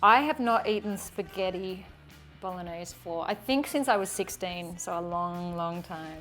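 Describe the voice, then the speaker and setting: Woman, home cooking vlog sidekick, wisecracks, quick laugh, faint music behind. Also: on the low side, animated, a bit bright. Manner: jokey asides, quick to laugh. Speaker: cooking show co-host. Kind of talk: casual cooking chat. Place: home kitchen.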